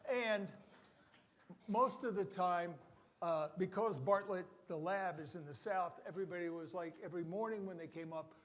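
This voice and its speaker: A man's voice: high voice, normal speed. An older man with a New Jersey accent giving a joking, rambling conference presentation to a live audience. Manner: joking, self-deprecating, rambling asides. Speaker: conference speaker.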